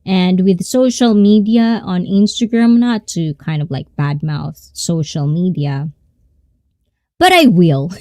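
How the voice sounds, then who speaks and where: A woman's voice: fairly low pitch, animated, slow pace, a little mellow, no room sound. A woman chatting casually and rambling to viewers on her live stream. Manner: rambling, conversational.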